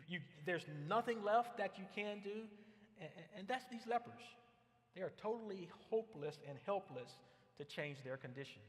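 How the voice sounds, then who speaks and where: A man's voice: sits high, a bit bright. Earnest male pastor in a reverberant church. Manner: earnest, repeats words when building a point. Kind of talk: sermon. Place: church sanctuary.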